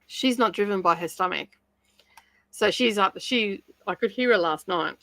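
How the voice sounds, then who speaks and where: A woman's voice: mid-range voice, normal speed, fairly bright tone, dry recording, poor audio. A woman hosting a casual livestream chat from home, chatty and giggly, often rambling. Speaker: livestream host.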